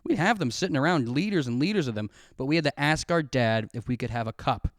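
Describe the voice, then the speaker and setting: A man's voice: mid-range voice, animated, quick pace, dry recording, studio quality. Rambling, profane young man telling a story. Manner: rambling, profane, self-mocking, laughs often. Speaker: podcast host. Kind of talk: casual storytelling monologue. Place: home room, recorded on camera. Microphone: camera mic.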